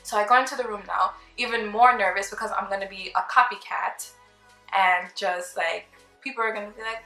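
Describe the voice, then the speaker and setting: A young woman vlogger telling a casual storytime, chatty and animated, acting out the people she quotes. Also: medium pitch, brisk. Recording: roomy with faint background music.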